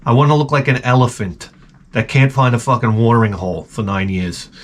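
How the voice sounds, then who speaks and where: A man's voice: mid-range voice, fairly even intonation, fairly quick. A middle-aged man hosting his own show, telling a profane, rambling, self-mocking story full of stammered restarts. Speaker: show host. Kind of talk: casual comedic rant.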